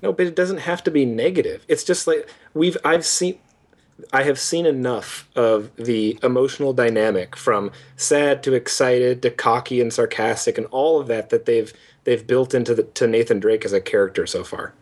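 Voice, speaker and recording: Animated young man ranting about a game. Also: medium pitch, normal speed. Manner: animated, mocks lines with exaggerated voices. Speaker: podcast co-host. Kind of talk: casual game review chat.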